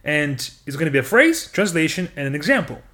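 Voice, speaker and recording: A man's voice: a little high, brisk. Upbeat male podcast host. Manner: upbeat, animated, laughs often. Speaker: podcast host teaching Russian. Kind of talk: casual podcast chat and language lesson.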